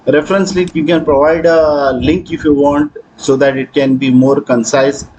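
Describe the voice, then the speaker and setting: A man hosting a software tutorial, talking through his screen with frequent hesitations. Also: on the high side, steady tone, moderate pace, slight background noise, poor audio. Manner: hesitant, many fillers. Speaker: tutorial host. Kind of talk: screen-recording software walkthrough.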